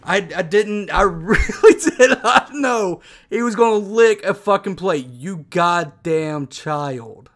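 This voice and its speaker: A man's voice: high voice, unhurried, few pauses. A man giving crude, scornful reaction commentary on a video, swearing often and breaking into laughter. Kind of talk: profane mocking commentary.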